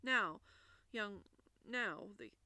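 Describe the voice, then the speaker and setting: A woman voicing a fussy, excitable king in a storybook reading, with fretful, breathless exclamations. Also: medium pitch, very slow, no echo, full character voice.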